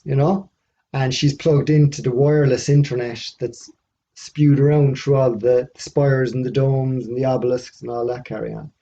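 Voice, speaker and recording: A man rambles through a casual monologue, piling up musing questions between fillers. His voice is dark and mellow at a middling pitch. The recording is dull and lo-fi. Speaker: video host.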